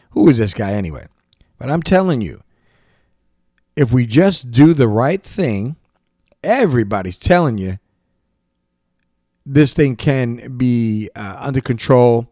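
A man's voice: medium pitch, darkish tone, no echo, clean studio sound. A man hosting a podcast, delivering an impassioned monologue, stumbling and repeating himself as he presses his point. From United States. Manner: repetitive, restarts often, emphatic rants. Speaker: podcast host.

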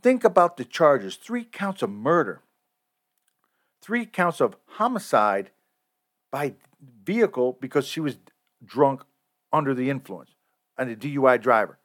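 A man's voice: medium pitch, big pitch swings, a little slow, pauses often. A man hosting a podcast, delivering a heated, profane, repetitive rant. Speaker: podcast host. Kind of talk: angry solo podcast rant.

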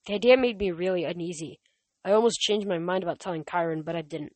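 A woman's voice: on the low side, fast, dry recording. A woman hosting a podcast who reads a novel aloud and chats casually, with frequent restarts and fillers. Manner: stumbling restarts, many fillers. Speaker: podcast host reading a book aloud. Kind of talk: casual reading and chat.

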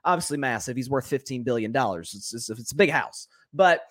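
A man hosting a solo sports talk show, giving animated and opinionated commentary and often repeating words as he thinks. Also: mid-range voice, fairly quick. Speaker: sports podcast host.

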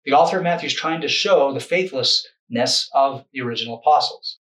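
A man's voice: medium pitch, a little fast, a bit bright, low-quality recording. A man who is a video lecturer and author, explaining in a loose, conversational way and often correcting himself mid-sentence.

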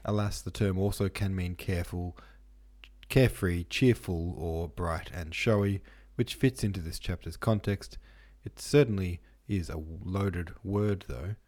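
This book podcast host speaks in a deep, darkish voice without hurrying. In a casual book-club discussion, he reads listener notes and reference passages aloud and chats through them musingly, with lots of ums and asides.

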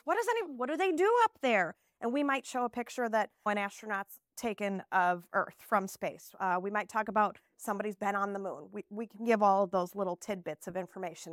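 A woman from Texas, an early childhood teacher giving an animated live conference presentation, slipping into playful classroom talk. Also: medium pitch, no room sound, clean studio sound.

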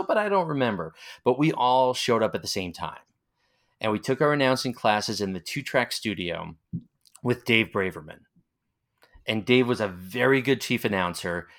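A man's voice: fairly low pitch, fairly bright tone. A man in his forties with a Long Island accent, rambling as he tells nostalgic stories in a casual interview. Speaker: interviewee, former college radio announcer.

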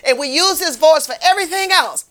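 A woman's voice: high-pitched, a little fast, fairly bright tone. A woman delivering a fervent, repetitive street-preaching sermon as a lay minister.

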